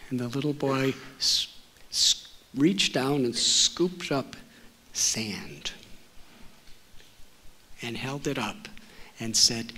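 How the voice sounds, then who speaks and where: A man, a spiritual teacher telling a story to an audience in a library auditorium, speaking gently and letting his phrase endings fall soft. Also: mid-range voice, lively intonation, drawn-out words, pauses often. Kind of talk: storytelling talk.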